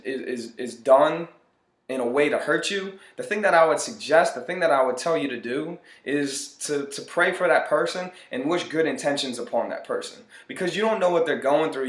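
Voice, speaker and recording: Earnest male motivational speaker, mid-range voice, echoey room. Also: medium pitch. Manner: earnest, repeats phrases for emphasis. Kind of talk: motivational monologue. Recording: roomy echo.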